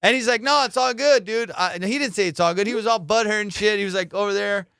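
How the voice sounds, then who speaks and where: Male comic host, excitable profane storyteller, smooth higher voice, dry close sound. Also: quick pace, no room sound. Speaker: comedian podcast host. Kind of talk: animated storytelling.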